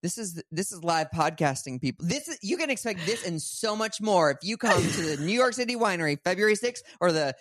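Teasing quick-witted woman co-host. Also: lowish voice, expressive, dry recording, clean studio sound. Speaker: podcast co-host. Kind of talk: casual live podcast chat.

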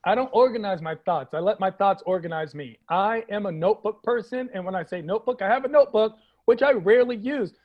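A man's voice: high voice, highs cut off. A man from Washington, D.C., a comedian guest riffing playfully on a podcast interview. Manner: playful, jokey, quick asides and put-on voices.

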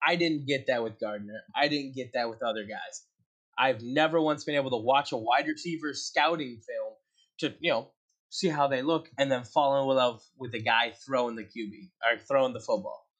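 A man's voice: mid-range voice, moderate pace, fairly bright tone, breathy edge. Joking man co-hosting a sports podcast. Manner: jokey, steers the segments. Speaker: podcast co-host. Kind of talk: casual chat.

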